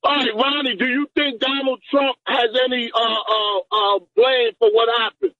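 Sex: man. Role: call-in caller. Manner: persistent, stammering. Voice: very high. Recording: dull, lo-fi phone line. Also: steady tone, moderate pace, bright, forceful tone, no room sound. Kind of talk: call-in argument.

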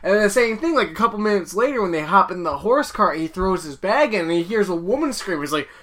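A man's voice: high voice, animated, fairly quick, a bit bright. A man in his thirties co-hosting a casual movie chat, rambling with lots of "like" and some swearing. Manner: rambling, heavy on "like", swears, acts out quotes. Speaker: podcast co-host.

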